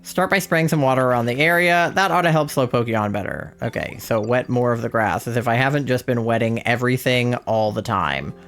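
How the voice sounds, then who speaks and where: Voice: medium pitch, a little fast, hardly any pauses, fairly bright tone, faint music behind. A streamer giving casual gameplay commentary, playfully cheering the characters on.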